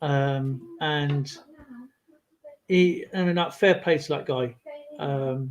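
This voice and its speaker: A man chatting casually on a livestream, rambling through an animated story with lots of fillers. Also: a little high, slow pace, pauses often, rough recording. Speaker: guest on a livestream. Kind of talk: casual chat.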